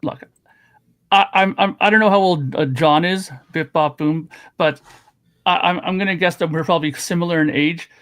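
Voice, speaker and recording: Halting man with a slightly high voice. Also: fairly bright tone. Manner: halting, repeats words while searching for a point. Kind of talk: casual chat.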